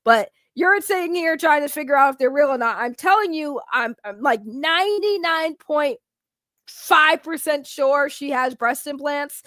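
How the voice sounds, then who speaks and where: A young woman talks loudly and excitably, laughing often as she riffs with her stream chat. Her voice sits high and is captured close and dry, with no room around it. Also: measured pace, no room sound. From Boston, Massachusetts. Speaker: streamer reacting to videos. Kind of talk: casual reaction stream chat.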